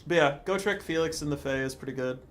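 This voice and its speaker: This is a man streaming a strategy game, offering casual, excitable commentary while he swears and talks to himself as he plays. He speaks fast in a fairly high voice.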